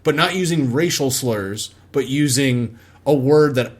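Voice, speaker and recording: A man's voice: medium pitch, measured pace, slightly rough. A man co-hosting a casual sports podcast. He tells his stories in a rambling, easygoing way, restarting his sentences as he goes.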